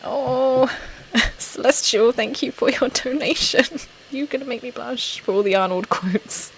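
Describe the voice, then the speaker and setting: On a rough recording from a desktop microphone, with a laptop fan whirring in the background, a mid-range-voiced woman from Essex, England runs a casual ASMR live stream. She reads out comments, giggles, and is self-deprecating.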